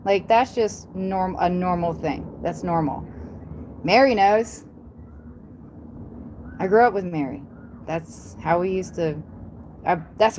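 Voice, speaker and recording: A woman's voice: medium pitch, normal speed, pauses often, a little mellow, slight background noise. Rambling Southern woman on a livestream. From American South. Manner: rambling, repetitive, blunt with frequent ums and mild swearing. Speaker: YouTuber on a livestream. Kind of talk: casual livestream chat.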